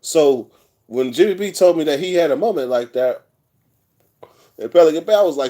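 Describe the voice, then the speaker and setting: A man's voice: fairly high pitch, animated, moderate pace, long pauses, mellow. Profane, rambling man. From California. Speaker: vlogger telling prison stories. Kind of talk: casual storytelling monologue.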